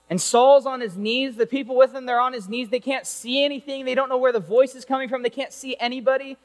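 A man preaching a lively, conversational sermon, telling a Bible story and throwing rhetorical questions at his listeners. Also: very high-pitched, fast talker, hardly any pauses, long reverb tail.

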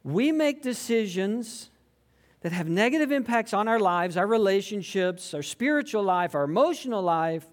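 Man, pastor, sermon, animated, wide-ranging pitch, acts out quotes. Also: moderate pace. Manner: conversational, animated preaching with acted-out quotes.

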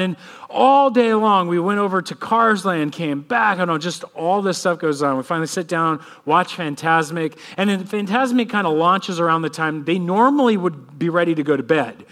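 A man in his thirties, a pastor, praying and then preaching with a lively personal story. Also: high-pitched, normal speed. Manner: animated storytelling, acts out kids' voices. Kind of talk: sermon with prayer and personal story.

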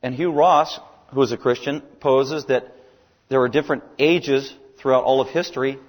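A man's voice: medium pitch, steady tone, normal speed, big-room sound. A man preaching a sermon with emphatic delivery, his voice climbing on key words.

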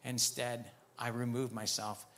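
A man's voice: mid-range voice, level tone, a little slow, a bit bright. A man preaching, telling a story from his week with many quoted exchanges. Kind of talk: sermon testimony.

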